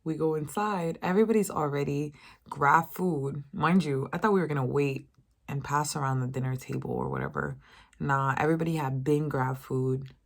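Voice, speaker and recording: Vlogger, woman, 20s, low-pitched, casual profane storytime rant with quoted voices. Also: normal speed, vocal fry. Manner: animated, profane, mimics others in a higher voice.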